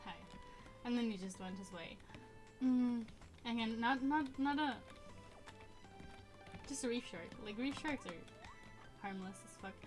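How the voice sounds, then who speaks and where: A woman's voice: on the high side, a little slow, pauses often, a little mellow. Chatty young woman streamer, rambling. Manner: rambling, chatty, self-correcting, laughs often. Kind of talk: casual gaming stream chat. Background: game music and keyboard typing.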